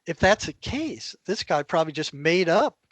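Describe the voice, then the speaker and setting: Guesting in a conversational storytelling session, a former clinician with a somewhat high voice speaks at a moderate pace. He animates his tales by acting out other people's lines, captured on a dry recording with no room sound.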